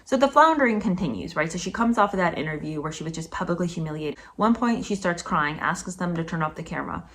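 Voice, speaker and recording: A woman giving a casual commentary vlog as a book reviewer. She talks emphatically and indignantly, with sudden high-pitched outbursts. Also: expressive, fast talker, few pauses, a bit bright.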